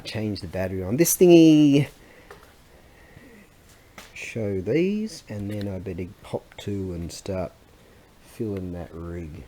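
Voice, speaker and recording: A man's voice: medium pitch, warm tone. A man, chatting casually in a rambling, self-interrupting vlog. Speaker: vlogger.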